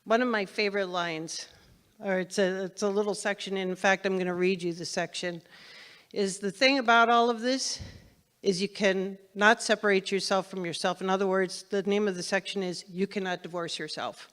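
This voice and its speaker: A woman minister speaking to a congregation in an easy, conversational way, often repeating a phrase to press it home. Her voice sits at a middle pitch and trails off in a long hall reverb. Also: fairly even intonation, normal speed, a bit bright, clean tone. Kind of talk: spiritual lesson to a congregation. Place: spiritual center meeting hall.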